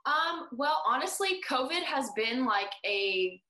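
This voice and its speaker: A woman's voice: high-pitched, lively intonation, slow pace, sharp tone, echoey room, poor audio. A woman speaking as a guest in a casual podcast chat, rambling and often restarting her sentences. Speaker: personal trainer guest.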